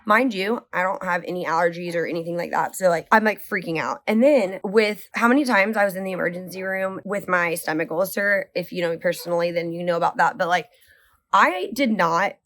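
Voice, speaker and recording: Chatty woman vlogger rambling through a story. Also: on the low side. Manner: animated, rambling, heavy use of "like"; speeds up and slows down often. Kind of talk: casual storytelling to camera.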